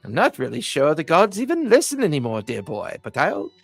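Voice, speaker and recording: Kindly old priest guy, soft and hesitant, polite old man voice put on by a guy running the game. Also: fairly high pitch, wildly swooping pitch, fairly quick, creaky, husky, dry recording, soft background music, voice pushed up, heavily acted. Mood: gentle. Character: kindly old male priest, gentle and doubtful.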